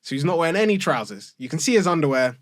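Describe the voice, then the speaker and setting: A man's voice: on the high side, fast talker, no room sound, studio quality. A young man chatting casually on a podcast, telling stories with lots of fillers and frequent laughs. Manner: animated storyteller, filler-heavy, laughing often. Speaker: podcast guest or host. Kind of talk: casual chat.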